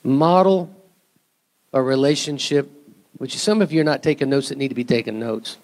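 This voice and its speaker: A man's voice: medium pitch, lively intonation, very fast, a little mellow. A male pastor preaching a sermon in a church, talking to the congregation in a conversational way, with rhetorical questions and asides.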